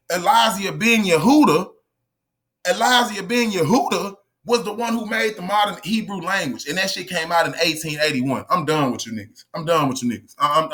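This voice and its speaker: A man's voice: high voice, a bit bright. A man delivering a heated, profane monologue to camera. He talks emphatically and confrontationally, repeats himself, and addresses his viewers directly. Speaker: online lecturer.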